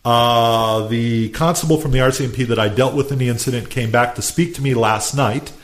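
A man telling a story in casual chat, animated, acting out quotes and laughing often. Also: medium pitch, a little fast.

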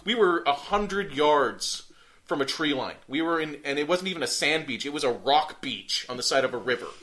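A man with a somewhat high voice tells a story in casual chat. He rambles, restarts often, and fills pauses with "um" and "like". He swears freely. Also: expressive, a bit bright.

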